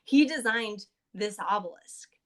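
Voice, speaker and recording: A woman's voice: mid-range voice, animated, a little slow. A woman podcast co-host casually recapping a tabletop game session, chatty and loose with lots of fillers.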